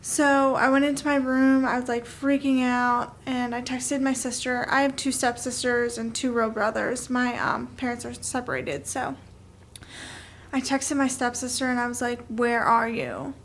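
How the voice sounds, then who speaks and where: High-voiced young woman vlogging casually. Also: steady tone, moderate pace, a little hiss or hum. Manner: chatty, filler-heavy with frequent "like" and "um". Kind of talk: casual storytelling to camera.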